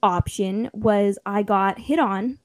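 A young woman in casual chat, telling a story with lively acted-out quotes and frequent laughter. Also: mid-range voice, takes it slowly, no echo. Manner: animated storytelling, acts out quotes, laughs often.

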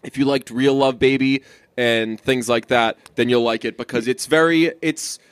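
A man's voice: mid-range voice, fairly even intonation, moderate pace, smooth, no room sound. A man in easygoing podcast talk, circling back on himself with restarts and the odd curse. His voice sits mid-range and sounds dry and close, with no room around it. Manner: rambling with frequent restarts and casual swearing. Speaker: podcast co-host. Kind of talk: casual chat.

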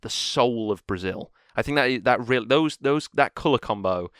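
A man's voice: mid-range voice, expressive, moderate pace, a bit bright, smooth, no room sound, clean studio sound. A man co-hosting a podcast, chatting casually and rambling with fillers and restarts. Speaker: podcast co-host. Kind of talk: casual chat.

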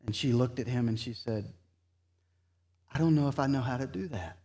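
A man preaching. He is earnest and tells the story by quoting what people said. At the solemn points his voice falls soft and slow. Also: medium pitch. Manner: retells conversations in quoted dialogue, earnest. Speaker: pastor. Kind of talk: sermon storytelling.

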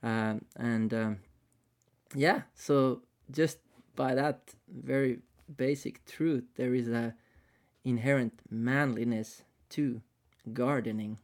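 A man co-hosting a podcast in English, which is not his first language. He speaks in a mid-range voice, working through his thoughts with pauses and restarts in relaxed conversation. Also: medium pitch. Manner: thoughtful, hesitant, many fillers and restarts. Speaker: podcast co-host. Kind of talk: casual podcast chat.

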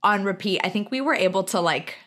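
A woman's voice: medium pitch, animated, fairly quick, a bit bright. A young adult woman co-hosting a podcast in casual chat, chatty and full of fillers and laughter. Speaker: podcast co-host.

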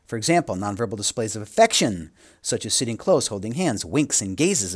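A man teaching a course, reading from a textbook and adding quick asides, sometimes correcting himself as he reads. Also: fairly low pitch. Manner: reads aloud with asides and small self-corrections. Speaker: instructor. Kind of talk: reading a textbook aloud with comments.

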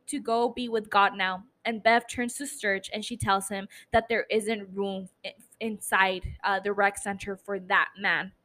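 Brief: female podcast host, slightly high voice, casual and profane, recording at home on a mic. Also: a bit bright, poor audio. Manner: chatty, swears freely. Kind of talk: casual episode recap. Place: home apartment. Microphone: studio mic.

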